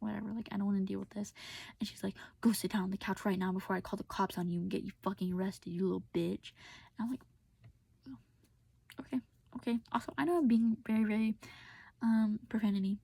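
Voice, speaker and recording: Husky young woman venting her story. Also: medium pitch, mellow, no room sound. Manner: casual, venting, many fillers, drops to whispers. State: tearful. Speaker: vlogger telling a personal story. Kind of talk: personal storytelling vent.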